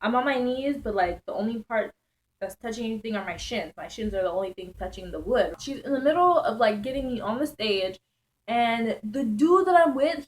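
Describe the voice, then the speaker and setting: A young woman vlogger telling a wild night-out story in casual slang, animated and laughing often. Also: fairly high pitch, rough recording.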